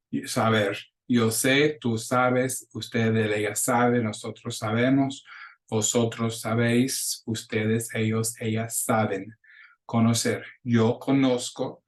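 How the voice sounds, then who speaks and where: Man teaching with a very flat delivery. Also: fairly low pitch, low-quality recording. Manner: explanatory, patient, switches between English and Spanish examples. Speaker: Spanish teacher. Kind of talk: recorded lecture over slides.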